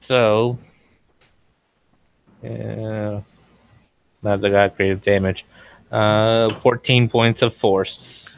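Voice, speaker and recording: A man's voice: on the low side, little pitch movement, extremely slow, creaky, long pauses, poor audio. A man playing a tabletop game, methodical as he works through his turn. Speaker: player.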